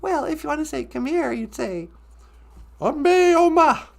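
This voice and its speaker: A man's voice: extremely high pitch, lively intonation, measured pace, creaky, voice pushed up, heavily acted. A man voicing a cheerful, sing-song woman co-host who explains words like a teacher. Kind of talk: comedy sketch.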